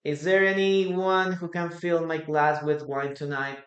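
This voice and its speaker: Teacher on a live lesson, unhurried, drilling words one by one, roomy echo. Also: mid-range voice, little pitch movement, dull audio. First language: Spanish. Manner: repeats words slowly for pronunciation, reads out chat. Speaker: English teacher. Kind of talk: live-streamed English lesson.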